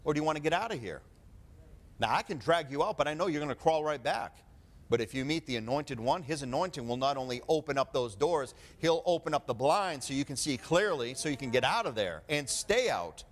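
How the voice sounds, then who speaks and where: A man preaching a sermon in a fairly high voice. He swings from hushed, confiding asides to loud, climbing declarations. He drives his points home with rhetorical questions. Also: animated, fairly quick.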